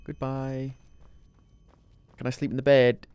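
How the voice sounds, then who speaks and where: A man's voice: medium pitch, completely flat delivery, slow pace, darkish tone, smooth, dry recording. A man streaming a game, casually commenting, thinking aloud and swearing now and then.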